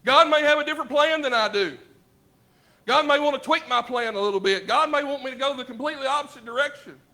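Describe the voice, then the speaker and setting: High, bright-voiced Southern preacher. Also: male voice, quick pace. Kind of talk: sermon. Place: church sanctuary.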